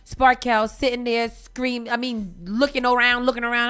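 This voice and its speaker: A woman co-hosting a morning radio show, telling stories with animated energy and acting out voices. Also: sits high, brisk, few pauses, clean tone. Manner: animated storyteller, acts out voices. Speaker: radio co-host. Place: radio studio.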